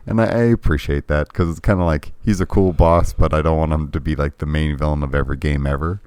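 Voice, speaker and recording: A man's voice: very deep voice, fairly even intonation, fast talker, darkish tone, smooth, dry recording. A man co-hosting a casual retro gaming podcast, talking in a laid-back, hesitant way with lots of ums and restarts. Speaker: podcast co-host. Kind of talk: casual chat about retro games.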